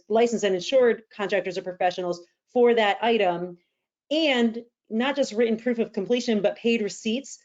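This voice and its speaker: A woman's voice: mid-range voice, a little mellow. Earnest woman real estate host. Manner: earnest, explanatory, practical. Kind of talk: casual podcast conversation. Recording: slightly dull lo-fi audio.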